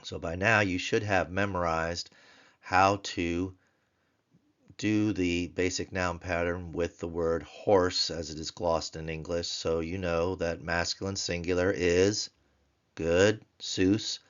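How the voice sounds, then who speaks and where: Slow, low-voiced man teaching Hebrew grammar. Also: flat delivery, a bit bright, clear, resonant tone, highs cut off. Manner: chants word paradigms in a sing-song voice; slow, deliberate explanations. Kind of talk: recorded grammar lesson.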